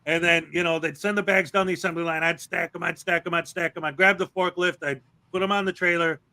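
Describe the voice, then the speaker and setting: A male livestream host with a high, bright, forceful voice. He rants with sarcasm and drifts into rambling, long-winded stories during casual commentary chat. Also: steady tone, fast.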